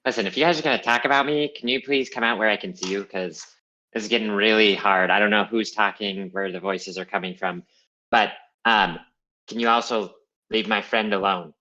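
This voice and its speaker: A man's voice: fairly low pitch, fairly quick, pushed and bright, dull audio. A man role-playing his character in a tabletop game, talking in a hesitant, earnest way with many fillers. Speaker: player.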